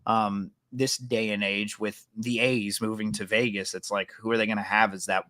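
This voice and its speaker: A man's voice: on the low side, little pitch movement, normal speed, pushed and bright, no room sound. A man co-hosting a sports podcast, talking casually with many fillers and restarts. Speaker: podcast co-host.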